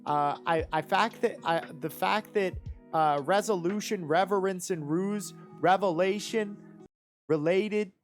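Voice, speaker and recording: Live rap verse critique, enthusiastic, rambling, filler-heavy, mid pitch, faint guitar music. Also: unhurried. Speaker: rap battle judge reviewing written verses.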